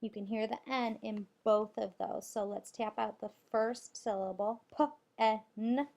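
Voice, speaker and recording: A woman teacher giving a recorded spelling lesson to young children, spelling out letters and clapping out syllables deliberately. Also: mid-range voice, steady tone, vocal fry, a little mellow, dull audio.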